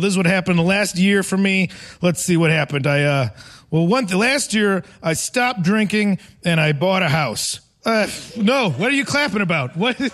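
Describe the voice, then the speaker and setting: High-pitched rambling stand-up man. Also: a bit bright. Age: 40s. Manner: rambling, self-mocking, laughs through lines. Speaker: stand-up comedian. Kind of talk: live stand-up set. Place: theater stage before a live audience.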